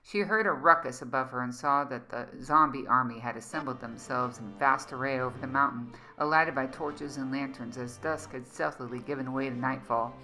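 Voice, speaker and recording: Woman, story narration, low pitch, dramatic reading, faint music. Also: normal speed, hardly any pauses, bright, forceful tone, rough recording. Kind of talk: storybook narration read aloud.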